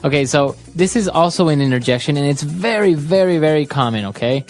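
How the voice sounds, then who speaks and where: A woman's voice: sits low, lively intonation, brisk, a little mellow, faint music behind. A woman hosting an English lesson podcast, explaining phrases steadily with frequent affirmations. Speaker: podcast host, English teacher.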